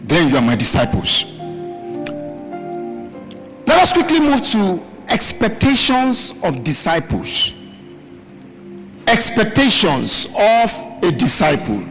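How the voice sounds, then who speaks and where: A male pastor preaching a live midweek sermon, calling out questions for the congregation to answer and shouting key words. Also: high voice, sing-song, takes it slowly. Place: church hall with live congregation. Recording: live hall recording, reverb, faint music.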